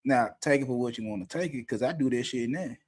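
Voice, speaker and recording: A man's voice: mid-range voice, quick pace, a little mellow, breathy edge. A middle-aged man talking candidly as a podcast co-host, blunt and profane, often laughing mid-sentence. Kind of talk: candid unscripted talk.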